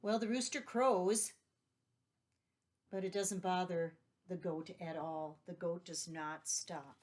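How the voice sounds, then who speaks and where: A woman's voice: fairly low pitch, steady tone, takes it slowly, darkish tone. A woman teacher reading a children's story aloud and patiently explaining vocabulary and asking questions. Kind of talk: read-aloud vocabulary lesson.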